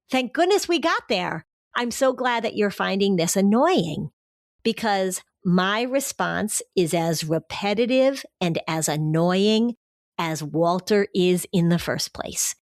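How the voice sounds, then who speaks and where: A woman co-hosting a parenting podcast, giving advice in a conversational, animated way and acting out what kids say. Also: medium pitch, no echo, studio quality. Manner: animated, acts out kids' voices in quotes. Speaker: podcast host, anxiety expert.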